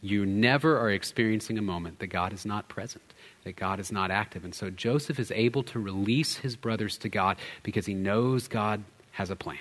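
A man in his thirties preaching a sermon as pastor, earnest, swinging from loud emphasis to hushed, near-whispered lines. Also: fairly low pitch, normal speed, big-room sound. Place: church sanctuary.

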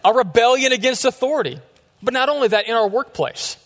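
This youth pastor, a man in his thirties, has a very high voice and an animated, brisk delivery. He jokes and tells stories casually in his sermon, and the church sanctuary gives off plenty of echo.

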